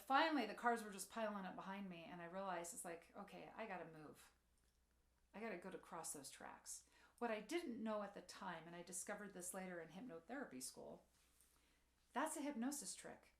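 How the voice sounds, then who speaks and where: A middle-aged woman giving a motivational talk, telling personal stories and acting out quotes, softening her voice for tender moments. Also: reverberant. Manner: storytelling, acts out quotes, drops soft and low for tender moments. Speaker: speaker.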